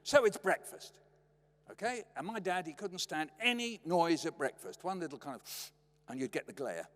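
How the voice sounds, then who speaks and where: Animated older British man telling stories. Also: a little high, moderate pace. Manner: playful, acts out family voices. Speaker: guest lecturer. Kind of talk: humorous storytelling lecture. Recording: long reverb of a lecture hall.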